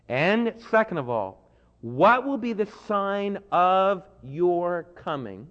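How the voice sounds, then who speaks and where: A man's voice: a little high, long reverb tail, lo-fi sound. A man preaching a sermon as pastor, telling the story vividly and acting out the voices he quotes.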